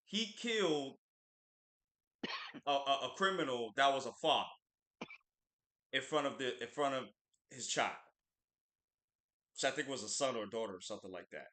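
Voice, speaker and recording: A man co-hosting a casual livestream, talking about pop culture in an animated, opinionated way and repeating words for emphasis. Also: medium pitch, reverberant. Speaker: livestream co-host.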